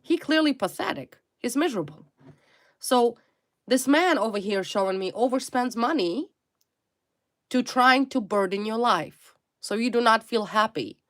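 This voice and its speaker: A woman's voice: a little high, animated, measured pace, fairly bright tone. A woman reading tarot straight to the viewer, talking emphatically and repeating single words, in non-native English phrasing. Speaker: tarot reader.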